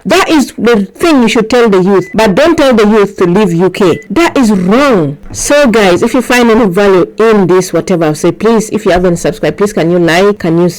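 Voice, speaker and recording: A woman's voice: mid-range voice, moderate pace, few pauses, a little mellow, rough recording. A woman vlogger delivering an emphatic opinion rant to her viewers, repeating herself and firing off rhetorical questions. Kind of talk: opinion vlog rant to camera.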